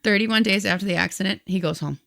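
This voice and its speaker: A woman's voice: medium pitch, fast, creaky, a bit bright, no room sound, studio quality. A woman co-hosting a podcast, retelling someone else's story in casual chat and quoting the people in it. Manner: retells a story animatedly, quoting people in their own words. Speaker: podcast co-host.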